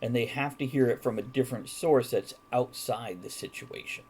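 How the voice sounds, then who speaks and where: A man's voice: mid-range voice, normal speed, darkish tone, breathy edge. A man hosting a casual live-streamed chat show, reading viewer comments aloud and chuckling often. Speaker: host.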